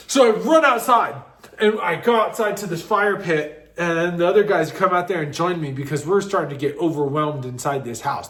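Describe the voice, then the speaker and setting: A man casually telling a personal story, animated and often breaking into laughter. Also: sits high, roomy sound.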